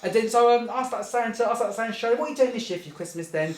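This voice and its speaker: A storyteller winds through a comic anecdote, giggling often and circling back with "anyway". The voice sits at a middling pitch. The recording carries a clear roomy echo. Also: rapid-fire. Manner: rambling, keeps saying "anyway", giggles through the telling. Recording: echoey room.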